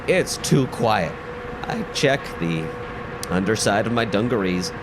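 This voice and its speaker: Wildly animated comic storyteller man. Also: medium pitch. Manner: wildly swooping, exaggerated delivery.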